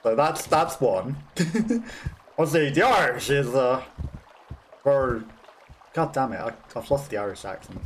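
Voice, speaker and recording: A gamer from the West Midlands, England, speaks with a Black Country accent, offering chatty, self-deprecating let's play commentary and laughing often as he plays. His medium-pitched voice swings widely in pitch, and he takes things slowly with frequent pauses. A little hiss or hum sits under the recording.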